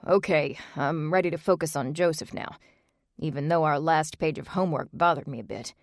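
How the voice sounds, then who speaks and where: A woman reading the lines of an unsettled middle-aged man in a bible study group, speaking softly. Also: on the high side, fairly quick, dry recording, studio quality, close to an everyday voice. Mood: shaken. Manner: soft, unsettled.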